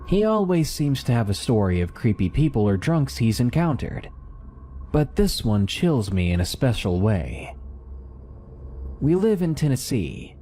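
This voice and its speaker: A man giving scripted narration of submitted horror stories, with lively, dramatic storytelling. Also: medium pitch, unhurried, a little hiss or hum.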